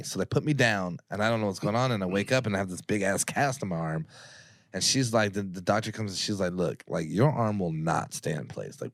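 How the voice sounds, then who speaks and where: Podcast guest, male, low-ish voice, profane rambling storyteller, dry close sound. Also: no echo. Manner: profane, rambling, acts out quoted people. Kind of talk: casual storytelling.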